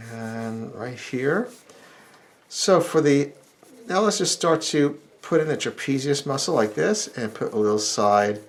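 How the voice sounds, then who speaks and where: A middle-aged man teaching drawing step by step, talking in a relaxed, explanatory way as he sketches. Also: medium pitch, vocal fry. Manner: relaxed explanatory, thinking aloud while sketching. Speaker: drawing instructor.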